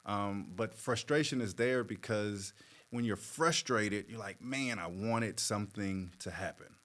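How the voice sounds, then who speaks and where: A man working as a therapist, explaining in a measured, patient way with plenty of fillers. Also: on the low side, fairly bright tone. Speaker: therapist guest. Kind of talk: conversational explanation.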